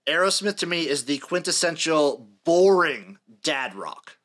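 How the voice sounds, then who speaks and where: A man's voice: on the high side, big pitch swings, unhurried, fairly bright tone. A man in his late twenties hosting a casual sports podcast, reading out dates and acts in turn with dry jokes. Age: late 20s. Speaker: podcast host.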